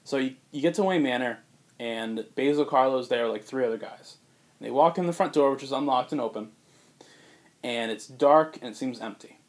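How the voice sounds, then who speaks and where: Man, casual podcast chat, rambling storyteller, filler words, mid pitch. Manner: rambling, many fillers, quick voice changes for characters. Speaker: podcast co-host pitching a movie.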